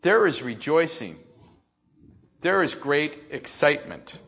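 An older man preaching a sermon, dropping to slow hushed phrases and then rising loud and excited. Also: on the high side, creaky, husky. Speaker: pastor. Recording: slightly dull, lo-fi.

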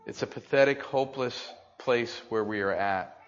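An older man preaching a sermon, dropping to slow hushed phrases and then rising loud and excited. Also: medium pitch, slight background noise. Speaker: pastor. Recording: slightly dull, lo-fi.

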